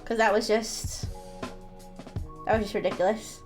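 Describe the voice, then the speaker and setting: A woman's voice: medium pitch, steady tone, normal speed, soft background music. A woman streamer telling a story casually to her chat while drawing, laughing often and swearing freely.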